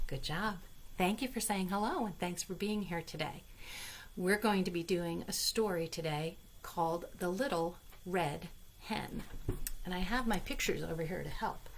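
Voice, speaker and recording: A woman children's librarian leading a storytime, speaking gently and in a sing-song way to young children. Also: fairly low pitch, a little hiss or hum.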